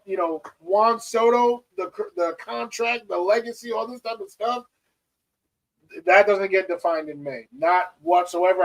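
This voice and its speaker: A man with a notably high voice talks sports with energy, pressing his points hard and picking up speed when excited. His tone is casual and emphatic, like a fan making his case. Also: rough recording. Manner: animated, emphatic. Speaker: co-host, Mets fan.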